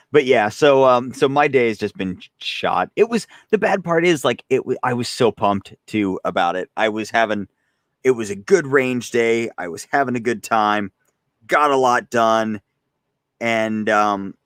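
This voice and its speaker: A man's voice: lowish voice, no room sound, studio quality. A young man casually chatting on a live stream as a host, rambling and self-deprecating, often laughing while reading chat. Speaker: gun channel host.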